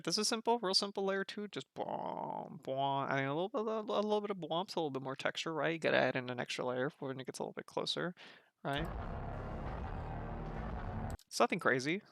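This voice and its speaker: A man's voice: a little high, vocal fry, noisy background. A man streaming live, gushing in casual slangy commentary and repeating himself as he reacts.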